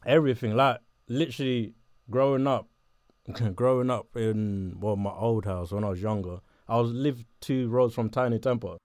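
A young man from southeast London with a South London accent, chatting casually in an interview, laid-back and quick to laugh. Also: medium pitch, a little mellow, no room sound, studio quality. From Botswana, raised in southeast London.

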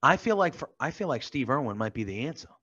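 A man's voice: medium pitch, very animated, quick pace, fairly bright tone, breathy edge, muffled recording. A man with an American accent, co-hosting a casual chat over a video call with eager, effusive talk. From United States. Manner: effusive, enthusiastic. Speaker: podcast co-host.

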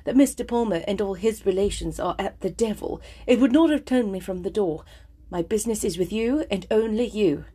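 Woman reading as Willoughby, husky urgent gentleman. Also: medium pitch, unhurried. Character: impassioned young gentleman suitor. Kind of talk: storybook reading.

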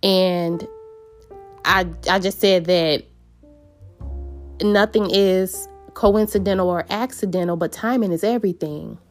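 A woman's voice: mid-range voice, fairly even intonation, measured pace, long pauses, faint music behind. A woman telling a personal story in an earnest, meandering way, with many fillers and restarts.

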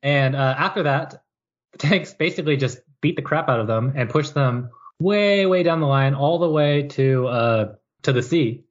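A man's voice: fairly high pitch, animated, normal speed, highs cut off. A man co-hosting a podcast, casually recapping history with jokes and mock quotes. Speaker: podcast co-host. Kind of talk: casual chat.

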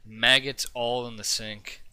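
Bright-voiced man telling loose stories. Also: medium pitch, slow, clean tone. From Canada. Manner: loose, animated storytelling with swearing and laughs. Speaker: podcast co-host. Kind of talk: casual chat among friends.

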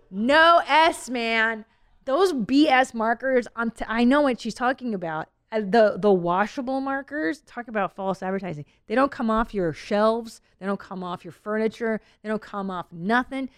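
A woman's voice: mid-range voice, animated, unhurried, clear, resonant tone, no echo, studio quality. A woman in her thirties hosting a podcast, chatting casually and rambling, laughing often. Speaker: podcast host. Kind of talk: casual chat.

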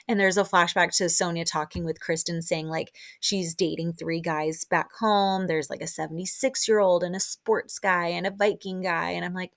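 A woman hosting a casual solo recap podcast, chatting excitedly with lots of "like" and side notes. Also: on the low side, moderate pace, hardly any pauses. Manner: chatty, full of "like" and excited asides. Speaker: podcast host.

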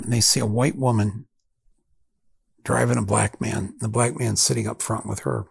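A man hosts a podcast, telling a story in a reflective, halting manner full of restarts. His voice is low, very husky and gravelly. The sound is dry and close, with no room around it. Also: no echo. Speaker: podcast host. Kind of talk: storytelling monologue.

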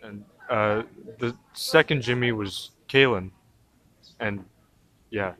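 A man's voice: fairly low pitch, slow, bright, forceful tone. A man with an American accent telling stories in a rambling, profane way during casual gaming chat.

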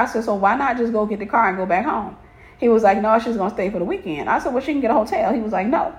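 A woman's voice: a little high, expressive, fast talker, reverberant. A woman telling a personal story to her viewers, stressing points by repeating phrases. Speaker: faith and relationship talk host.

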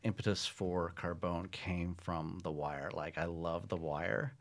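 A middle-aged man, a comedy writer, chatting in an interview in a relaxed way, laughing easily. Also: low-pitched, measured pace, gravelly. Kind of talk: casual interview chat.

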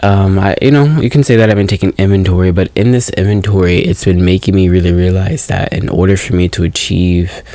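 A man's voice: low-pitched, fairly even intonation, a little fast, hardly any pauses, dark tone, no room sound. A man in his twenties hosting a casual solo podcast, talking in a groggy morning voice, rambling and reflective, often correcting himself. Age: 20s. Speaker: podcast host.

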